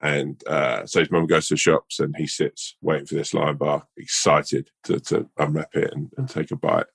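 Very deep guy, casual rambly storyteller, dry sound. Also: level tone, normal speed, creaky, fairly bright tone, slightly rough, dry recording. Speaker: podcast co-host. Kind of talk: casual chat with a mock-earnest fable.

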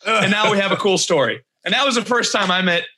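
A man's voice: high-pitched, fast talker. A man casually telling a backstage story on a talk show, acting out what others said. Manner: animated storyteller acting out quotes.

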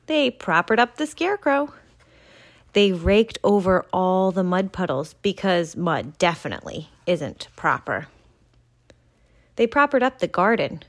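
A woman reading a children's picture book aloud in an expressive storytelling voice. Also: lowish voice, unhurried. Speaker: reader.

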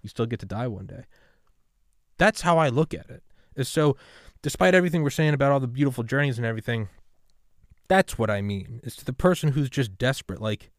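A man hosting a podcast in casual talk, rambling and swearing, sliding between quiet musing and loud fired-up pep talk. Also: mid-range voice, animated, a little fast, no echo, clean studio sound. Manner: rambling, profane, swings from subdued to loud and fired-up. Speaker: podcast host. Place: home room with gaming setup.

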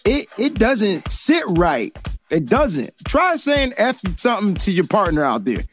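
A man hosting a casual sports chat show, animated and joking, heavy on slang. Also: high voice, unhurried, faint music behind. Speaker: podcast host.

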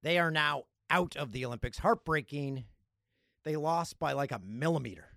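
A Canadian man hosting a casual solo podcast, jokey and animated, with loud playful outbursts. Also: fairly high pitch, normal speed, gravelly, no room sound, studio quality. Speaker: podcast host.

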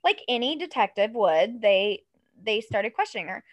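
A woman's voice: fairly high pitch, big pitch swings, normal speed, no echo, poor audio. A woman in her thirties co-hosting a casual chat, telling a story in a loose, swearing, laughing way. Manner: chatty, swearing, acts out quoted voices with laughter. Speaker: podcast co-host telling a true crime case.

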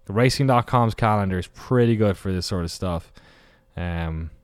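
Rambling man, low dry voice. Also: moderate pace, clear, resonant tone, dry recording. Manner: rambling, off-the-cuff, swears, corrects himself often. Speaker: podcast host. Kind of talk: solo podcast monologue.

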